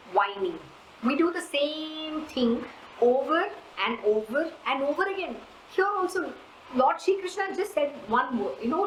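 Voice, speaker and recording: A woman's voice: high-pitched, reverberant, slight background noise, poor audio. A woman giving a spiritual discourse on scripture, earnest and questioning, repeating points for emphasis. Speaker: spiritual teacher.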